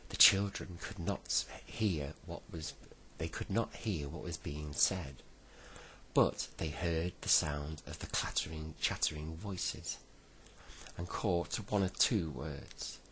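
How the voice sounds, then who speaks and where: A man reads a bedtime story in a deep, unhurried voice. He reads gently and now and then stops to correct himself. A faint hush of ambience sits behind him. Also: slight background noise, low-quality recording. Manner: gentle reading with self-corrections.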